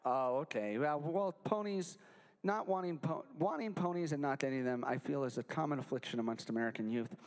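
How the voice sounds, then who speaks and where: A man's voice: fairly high pitch, brisk, big-room sound. A young man performing a goofy, interactive children's show with a live audience at a library. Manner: goofy, animated, jokey with the kids. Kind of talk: playful kids' show with sing-along.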